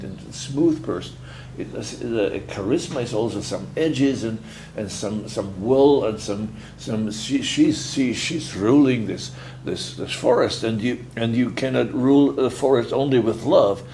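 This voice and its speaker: An older man, a native German speaker, explaining bonsai styling in a halting way, repeating his words. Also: medium pitch, a little mellow, slight background noise. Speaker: guest bonsai master. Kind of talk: casual explanation. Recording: roomy echo with faint music.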